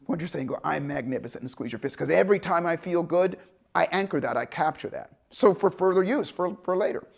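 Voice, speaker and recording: Man with a high, lively storytelling voice. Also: brisk, vocal fry. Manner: animated, conversational, acts out voices. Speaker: motivational speaker. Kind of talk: storytelling talk to an audience.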